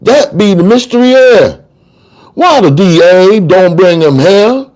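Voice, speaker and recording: A man's voice: a little high, huge pitch swings, a little slow, full character voice. A man voicing a street-smart male trial lawyer who argues in slangy, sing-song courtroom oratory. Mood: arguing. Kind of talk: dramatic audiobook reading.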